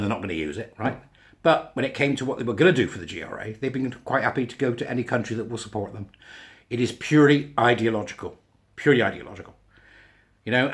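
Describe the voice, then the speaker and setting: A man hosting a podcast in a casual opinion monologue, blunt and sarcastic with a put-on mock Scottish accent. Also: medium pitch. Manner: blunt, sarcastic, swearing, laughs to himself. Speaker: podcast host.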